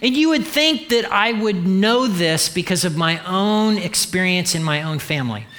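A man's voice: high-pitched, moderate pace. A male pastor preaching a sermon, telling funny stories and acting out the dialogue in them. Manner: humorous, animated storytelling with acted-out dialogue.

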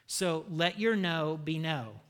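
A male pastor preaching with a bright, ringing tone and a fairly high voice. He is punchy and humorous, and he leads the crowd in call-and-response. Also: expressive, takes it slowly, clear, resonant tone. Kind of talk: sermon.

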